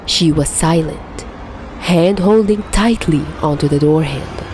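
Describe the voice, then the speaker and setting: A woman narrating fan fiction as a podfic reader, soft and hushed, often dropping into whispers. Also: sits low, measured pace, noisy background.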